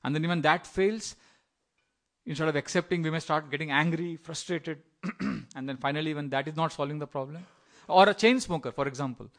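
A man's voice: fairly high pitch, brisk, a bit bright. A middle-aged man giving a sermon in a conversational storytelling way, often acting out the voices of people in his stories. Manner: conversational, with fillers and small laughs. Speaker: preacher.

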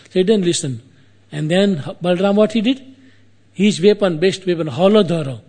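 His voice sits high and mellow as he recounts an epic in an easygoing, storytelling fashion. The delivery is loose and stop-start, with repetitions and side remarks aimed at the audience.

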